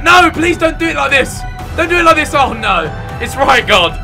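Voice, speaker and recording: A man reacting loudly while opening card packs in a football game. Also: very high voice, moderate pace, over music. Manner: shouting excitedly, breaking into disbelief. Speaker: gamer reacting to pack opening.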